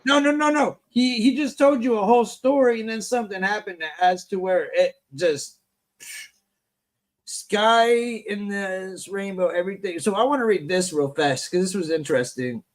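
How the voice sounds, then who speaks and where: A man's voice: sits high, fairly quick, hardly any pauses, dry recording. A man hosting a live stream, talking emphatically, swearing freely and reading viewers' comments aloud. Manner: emphatic, profane, reads chat comments aloud. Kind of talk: casual live-stream chat.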